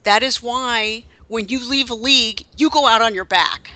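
Bright-voiced man chatting on a podcast. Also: extremely high pitch, normal speed, no echo, rough recording. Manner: searches aloud with restarts and fillers. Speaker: podcast co-host. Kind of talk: casual chat, reading quotes aloud.

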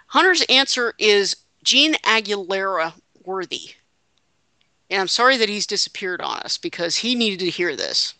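A woman's voice: medium pitch, pushed and bright, no echo. A woman hosting a casual podcast chat, reading quotes aloud with joking asides. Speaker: podcast host.

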